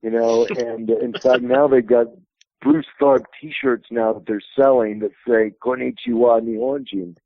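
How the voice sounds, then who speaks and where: A man's voice: medium pitch, expressive, measured pace, dry recording. Man telling stories over a phone line. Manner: rambling anecdotal storyteller. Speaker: wrestling promotion president, interview guest. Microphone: telephone.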